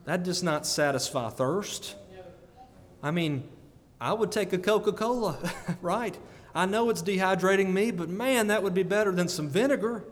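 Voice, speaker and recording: Man, preacher, sermon, animated, laughs often, emphatic peaks, long church reverb. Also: high-pitched, moderate pace. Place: church sanctuary.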